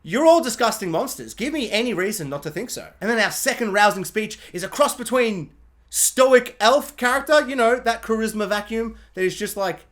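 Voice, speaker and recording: A show reviewer in a casual rant, sarcastic and animated, often slipping into mock quotes. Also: mid-range voice, moderate pace.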